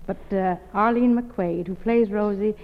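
A woman guesting on a radio variety show, homey and motherly, with deadpan jokes. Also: medium pitch, a little slow. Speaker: guest comedienne. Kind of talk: comic radio banter. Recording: dull old radio with long reverb.

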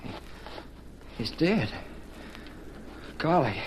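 Give me an excitable teenage western hero, highish and animated, with a crackly vintage radio recording. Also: male voice, drawn-out words, heavily acted. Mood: wary. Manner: excitable, talking to himself and his horse. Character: eager brave teenage boy rider. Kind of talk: 1940s radio acting.

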